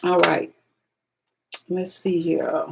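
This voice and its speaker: A woman's voice: fairly low pitch, level tone, drawn-out words, creaky, background noise. A woman giving a casual spiritual card reading to her viewers in a loose, salty, chatty way.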